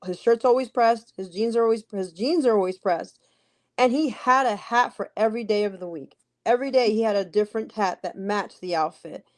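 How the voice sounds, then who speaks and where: A woman's voice: mid-range voice, fairly quick. A woman from New Jersey, a podcast guest and ring announcer, telling stories in casual interview chat with many restarts. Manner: chatty storyteller with many restarts.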